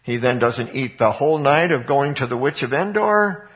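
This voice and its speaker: A man delivers a sermon with earnest emphasis, moving between Bible reading and rhetorical questions. His voice sits at an ordinary middle pitch. The recording is dull and lo-fi. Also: lively intonation, normal speed. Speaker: preacher.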